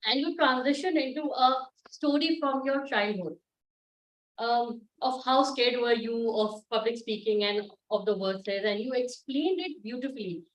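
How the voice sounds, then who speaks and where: A middle-aged woman gives a cheerful, encouraging speech evaluation over a video call. Her voice sits fairly high and bubbles along in an upbeat, chatty way. She sounds far from her laptop mic in an echoey room. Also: unhurried. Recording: echoey distant laptop audio.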